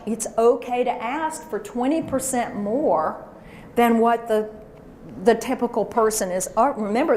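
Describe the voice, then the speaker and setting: Her pitch sits in the middle as she runs a workshop, firing up the crowd in front of her with lively call-and-response chants. The echoey recording comes from a large room with an audience, and there's a little background noise.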